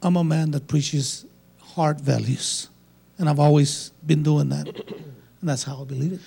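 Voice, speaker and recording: Earnest pastor dude, high pitched but soft mellow tone, trips over his words. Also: steady tone, gravelly, husky. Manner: earnest, halting, restarts phrases. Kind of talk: casual sermon-like talk.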